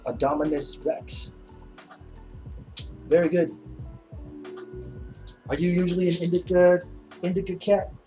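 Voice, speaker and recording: A man's voice: sits high, fairly even intonation, a little slow, long pauses, warm tone, poor audio. A middle-aged man hosting a casual painting livestream, rambling in a laid-back way with lots of "man" and "dude" and plenty of swearing. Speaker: livestream host. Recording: music playing behind the voice.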